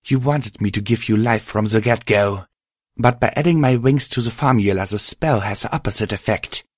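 A man's voice: lowish voice, normal speed, no room sound, close to an everyday voice. Storybook heroine: man voicing a defiant, strained young unicorn mare, dry close sound.

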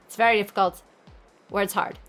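A woman's voice: mid-range voice, fairly even intonation, moderate pace, fairly bright tone, soft background music. A woman reading fairy tales aloud as host, breaking off into sarcastic, mock-exasperated commentary. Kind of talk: comic storytelling reading with running commentary.

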